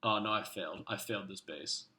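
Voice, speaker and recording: A man's voice: fairly low pitch, a little fast, pushed and bright. A man impersonating an exhausted young male gamer who swears and groans through his own attack. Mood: despairing.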